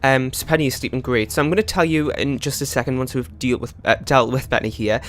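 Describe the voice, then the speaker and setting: A man giving casual gameplay commentary as a let's play host, rambling and chatty with many fillers and quick laughs. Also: medium pitch, fairly bright tone.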